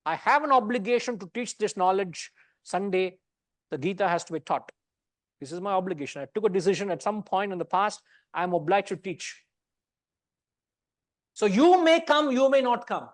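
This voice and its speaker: Indian english guy teaching gita class, kinda high voice, jokey chatty tone, dry close sound. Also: fairly quick, no echo. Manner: conversational, teasing, mixes in Indian words. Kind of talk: lecture to a study class.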